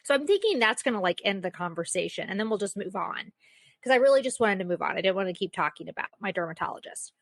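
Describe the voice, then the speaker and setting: Young woman, podcast host, casual chat, filler-heavy, mid pitch, dry close sound. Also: fast, no room sound. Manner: chatty, storytelling, filler-heavy, self-mocking.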